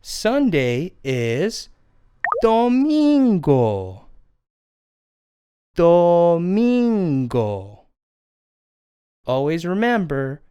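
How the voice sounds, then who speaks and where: Puppeteer doing friendly sparrow puppet teacher for kids, very slow and bouncy, clean dry sound. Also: medium pitch, darkish tone, clear, resonant tone, no room sound. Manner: sing-song, encouraging, drawn-out words. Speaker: children's language teacher. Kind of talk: children's lesson.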